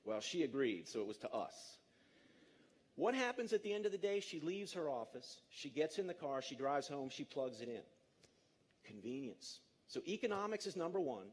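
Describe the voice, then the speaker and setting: Animated man giving a stage talk. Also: fairly high pitch, moderate pace. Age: 50s. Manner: animated, jokey, coaxing the audience. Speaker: speaker. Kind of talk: live conference talk.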